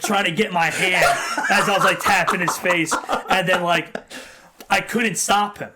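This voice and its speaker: A young man co-hosting a podcast in casual chat, telling animated stories and breaking into sudden shouted impressions. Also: high voice, measured pace, very noisy. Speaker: podcast co-host.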